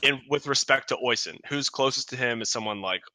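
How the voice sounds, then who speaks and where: Bright-voiced man running a tabletop game. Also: medium pitch, a little fast, dry recording. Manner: rambling, many restarts, acts out guards. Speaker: game master.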